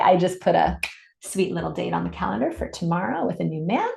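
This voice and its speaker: An upbeat woman coach talks through a live webinar in a slightly low voice, cheering on her listeners and reading their comments back to them. She sounds roomy and echoey, recorded over a video call. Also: fairly quick, gravelly, dark tone. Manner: upbeat, encouraging, reads chat comments aloud. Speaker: summit host and business coach. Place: home in Santa Cruz. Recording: echoey room.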